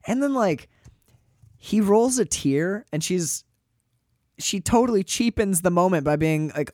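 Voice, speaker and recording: A man's voice: high-pitched, expressive, a little slow, pauses often, a little mellow, dry recording, clean studio sound. A man hosting a casual film podcast, wry and sarcastic, swearing casually as he picks apart scenes. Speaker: podcast host.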